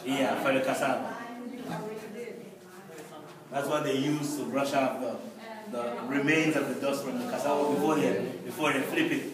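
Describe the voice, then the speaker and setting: A man from Belize, the guest teacher, explaining words slowly and repeating them for his learners in a classroom. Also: mid-range voice, fairly even intonation. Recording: echoey classroom, mic far off. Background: class chatter.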